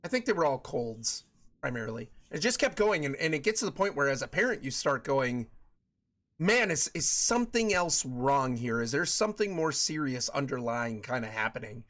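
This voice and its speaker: A man's voice: mid-range voice, very animated, normal speed, a bit bright. A man in his thirties hosting a live game stream, chatting casually with his viewers in a rambling way, with plenty of repeats and fillers. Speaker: streamer host.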